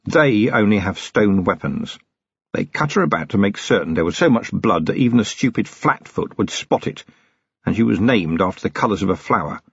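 A man's voice: fairly low pitch, expressive, normal speed, creaky, breathy edge, dry recording, heavily acted. Man voicing a weary, brooding police commander. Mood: grim. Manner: dull, grim, thoughtful.

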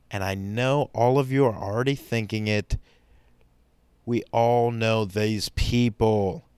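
A man's voice: on the low side, smooth, no echo, studio quality. A man doing a stand-up comedy monologue in a sarcastic, mock-serious way.

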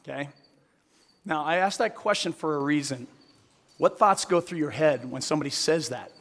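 A man's voice: fairly high pitch, normal speed, fairly bright tone. A man preaching in church, telling a story and asking the congregation questions. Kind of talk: sermon with storytelling. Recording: echoey hall.

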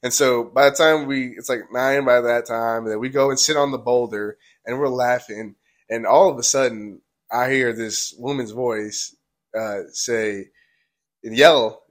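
A man's voice: medium pitch, fairly even intonation, unhurried. A young man, a podcast host, telling a story casually with many "like"s and acted quotes. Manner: rambling, many "like"s, acts out quotes.

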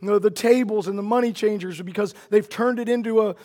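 A man's voice: high-pitched, quick pace, a little mellow, long reverb tail. A man preaching a sermon earnestly, often repeating words and building to emphatic declarations.

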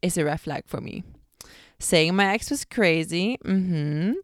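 Low-voiced, blunt young woman podcaster. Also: unhurried, no echo, clean studio sound. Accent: American. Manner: blunt, chatty, swears freely. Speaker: podcast host. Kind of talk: casual chat.

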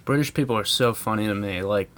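A man's voice: on the low side, quick pace, fairly bright tone. An American man ranting casually in a rambling, profane way, chuckling often. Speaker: vlogger. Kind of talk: casual comedic rant.

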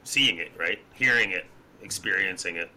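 A man's voice: low voice, moderate pace, bright, forceful tone. A man co-hosting a podcast, rambling in a laid-back, casual way. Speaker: podcast co-host.

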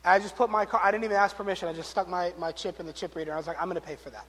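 A man's voice: sits high, very fast. A man preaching a sermon, telling a story and acting out the people in it, with jokes along the way. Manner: animated, acts out quotes, jokes and laughs. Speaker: pastor. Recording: long reverb of a large hall.

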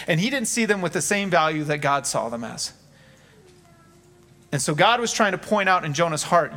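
Earnest man preaching, slightly high voice. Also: fairly bright tone. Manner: earnest, conversational preaching with acted-out quotes. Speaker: pastor. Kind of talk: sermon.

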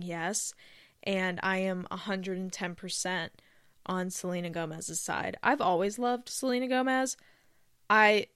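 A woman's voice: mid-range voice, a bit bright, clear, resonant tone, no room sound. Solo podcast host, woman, rambling and self-mocking, mid-range voice, dry close-mic sound. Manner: rambling, chatty, self-deprecating. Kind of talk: casual solo podcast chat. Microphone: close studio microphone.

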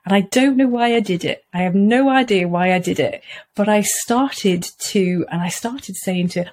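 A woman's voice: mid-range voice, normal speed, darkish tone, a little hiss or hum. A middle-aged woman, an earnest podcast guest who talks reflectively and often laughs. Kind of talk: conversational interview.

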